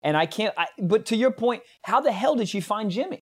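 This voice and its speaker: Excitable young man, casual podcast chat. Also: high voice, brisk, husky. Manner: excitable, swearing, jumps in with exclamations. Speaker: podcast co-host.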